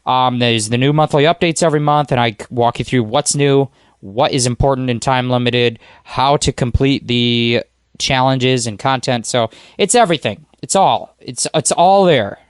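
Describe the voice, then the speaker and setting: A man's voice: mid-range voice, moderate pace, clear, resonant tone, no room sound. Easygoing man on a dry mic. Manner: easygoing, rambling, self-deprecating. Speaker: podcast guest, blogger. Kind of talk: casual podcast chat.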